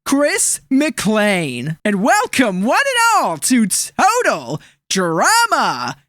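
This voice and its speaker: A man putting on the voice of a smug, scheming male reality-show host, smooth and gloating. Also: very high-pitched, wildly swooping pitch, extremely slow, bright, forceful tone, no echo, clean studio sound, full character voice.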